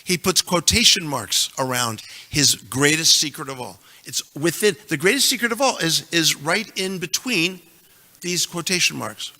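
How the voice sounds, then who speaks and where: A man's voice: a little high, animated, moderate pace, sharp tone, big-room sound. A man teaching a class on scripture, reciting verses with emphasis and making joking asides to his audience. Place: temple hall.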